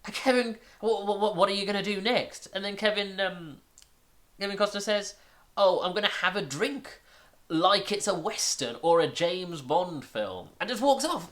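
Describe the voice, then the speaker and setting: A man talks through a film he has just watched, meandering from point to point with plenty of halting restarts and filler words. He sounds amused and openly incredulous at what he describes, in an easygoing video-review manner. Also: high-pitched, expressive, a bit bright. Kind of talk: casual film recap and review.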